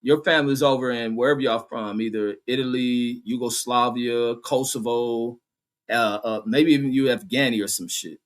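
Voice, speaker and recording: A man's voice: mid-range voice, steady tone, moderate pace. Blunt, swearing man on a vlog rant. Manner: rambling, blunt, heavy swearing. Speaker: vlogger host reading chat. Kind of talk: casual profane storytelling rant.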